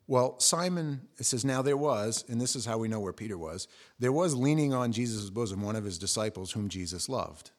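Animated man preaching a sermon. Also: fairly quick. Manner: animated storytelling, acting out quotes with jumps in pitch and volume. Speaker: pastor.

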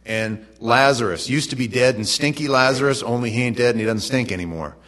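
A middle-aged pastor preaches a sermon, telling the story in a relaxed, conversational way and tossing lively asides to the congregation. His voice sits at a medium pitch and moves fairly quickly.

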